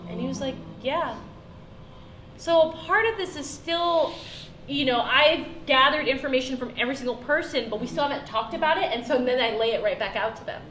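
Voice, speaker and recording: A woman performer answering audience questions after her show, telling lively stories and acting out her family's lines. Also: sits high, quick pace. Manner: animated, acts out family quotes, laughs often. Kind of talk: storytelling in a post-show talkback. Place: theater, live audience. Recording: echoey hall, faint noise.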